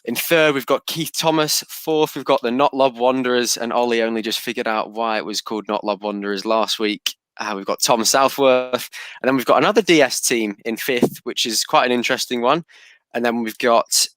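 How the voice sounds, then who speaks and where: A man's voice: mid-range voice, moderate pace, a bit bright, no echo. Male host for a casual chat show, talks freely, dry booth sound. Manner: chatty, reads out standings.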